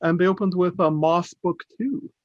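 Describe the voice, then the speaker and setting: A man's voice: high voice, fairly even intonation, moderate pace, no room sound. Guy cohosting a gaming podcast, rambly w lots of ums and little laughs, muffled dry sound. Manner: rambling, chuckling, many fillers. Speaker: podcast co-host. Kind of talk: casual gaming podcast chat. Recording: dull, dry podcast audio.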